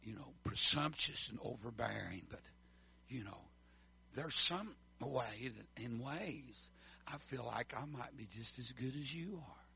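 A man's voice: mid-range voice, measured pace, vocal fry, bright, forceful tone, a little hiss or hum, pitched below the performer's own voice. A man voicing a resentful male disciple who murmurs with mock politeness and hesitation. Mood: falsely humble.

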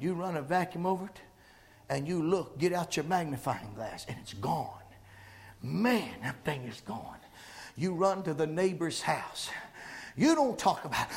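A male preacher, giving a sermon that swings between hushed pleading and shouted exhortation. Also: fairly high pitch, animated, unhurried.

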